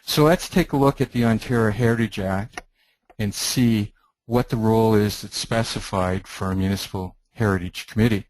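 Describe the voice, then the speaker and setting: A middle-aged man from Canada with a fairly low voice, presenting a webinar. He explains things in a measured, teacherly way, pausing and restarting now and then. His voice sounds dry, on a computer mic. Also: darkish tone, dry recording, low-quality recording. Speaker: webinar speaker, heritage planning consultant.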